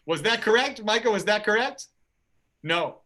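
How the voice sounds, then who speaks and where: A man's voice: high voice, lively intonation, normal speed, sharp tone. A man hosting a livestreamed game show over a video call, upbeat and jokey.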